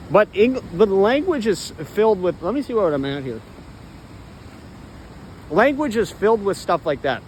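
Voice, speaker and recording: Brief: high-voiced man, rambling walk-and-talk, frequent throat clearing, faint hiss behind. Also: low-quality recording. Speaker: vlogger. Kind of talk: rambling monologue while walking. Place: outdoors, walking.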